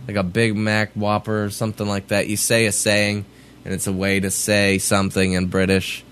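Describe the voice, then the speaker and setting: A man's voice: fairly low pitch, monotone, moderate pace, fairly bright tone, clean tone. A man from Kansas co-hosting a podcast in casual, laid-back, dry chat. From Kansas, USA. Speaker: podcast co-host.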